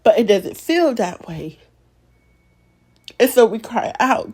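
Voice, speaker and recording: Young woman, podcast host, devotional talk, emotional, encouraging, repetitive preacher cadence, slightly high voice. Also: sing-song, takes it slowly, pauses often, a little mellow, slightly rough.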